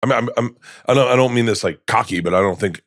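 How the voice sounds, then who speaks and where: A man in his fifties spins a long story as a podcast guest. He rambles with plenty of restarts and acts out what others said. His voice sits at an ordinary pitch, recorded close and dry. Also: fast talker, no echo. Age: 50s. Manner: rambling, animated, acts out quoted dialogue, many restarts. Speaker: comedian guest. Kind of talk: candid storytelling in conversation. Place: podcast studio.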